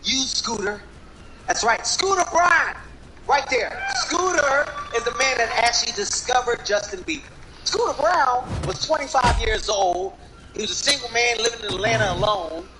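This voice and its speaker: Brief: man impersonating a yelling, foul-mouthed roast comic, very high and bouncy, buried in heavy noise. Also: very animated, normal speed. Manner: brash, shouting, profane roast delivery. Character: impression of a loud male celebrity comedian roasting. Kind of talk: stand-up roast impression. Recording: loud background noise.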